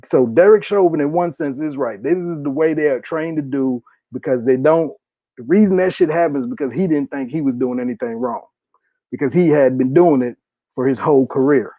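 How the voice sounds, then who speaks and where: A man's voice: mid-range voice, brisk, dark tone, no echo. A man in his thirties delivering heated, profane political commentary, hammering his points with repetition. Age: 30s. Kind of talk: impassioned solo commentary. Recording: dull lo-fi dry recording.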